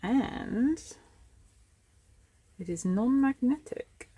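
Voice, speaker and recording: A woman's voice: a little high, animated, extremely slow, dark tone, breathy edge. A woman in her thirties chatting casually as she sorts through scrap, thinking aloud. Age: 30s. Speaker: scrapping vlogger. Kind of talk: casual commentary while sorting scrap.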